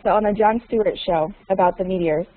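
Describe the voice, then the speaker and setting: A woman leads an online English class, asking her students questions again and again and stopping to explain new words. Her voice sits at an ordinary middle pitch. The audio comes through thin and phone-like. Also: fast talker. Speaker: English teacher.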